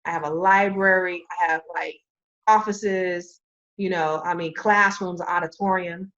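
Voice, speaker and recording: A woman guest on a podcast, telling a story in a casual, animated way and acting out the voices of the people she quotes. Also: on the low side, a little slow, dull audio.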